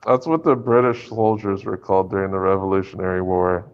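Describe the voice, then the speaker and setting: A man's voice: low voice, steady tone, clear, resonant tone, lo-fi sound. A man co-hosting a podcast in casual chat, joking and bantering. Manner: joking, banter-heavy, quick laughs. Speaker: podcast co-host.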